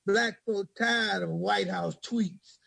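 A man's voice: high-pitched, slow pace, creaky, bright, forceful tone, breathy edge, dry recording, low-quality recording. A man speaking hesitantly about why he wrote a poem, then reciting it aloud in a rhythmic spoken-word delivery. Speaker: poet reading his own poem. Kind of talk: spoken word poetry reading.

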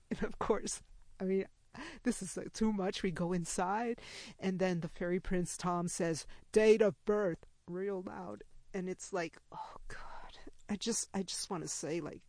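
A woman's voice: lowish voice, measured pace, no room sound. An older woman telling a personal story, laughing often and acting out what others said. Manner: animated, laughs while telling, acts out others' lines.

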